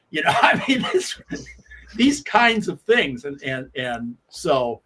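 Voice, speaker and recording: A man, a guest sports writer, telling anecdotes on a sports talk radio show in an animated way, often restarting his sentences and acting out quoted lines. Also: a little high. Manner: halting with frequent restarts.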